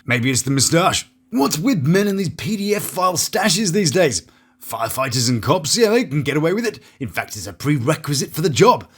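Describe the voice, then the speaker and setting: A man's voice: a little high, sing-song, brisk, slightly rough. A British man giving sarcastic, jokey scripted commentary on reality TV, with mock-theatrical asides. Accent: British English. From Britain. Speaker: reality TV reviewer.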